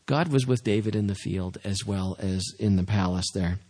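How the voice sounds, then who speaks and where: A male pastor preaching a sermon in a lowish, husky voice. He is informal and humorous, slipping into playful asides as he makes his points. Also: normal speed, darkish tone. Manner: humorous, acts out little scenes in asides.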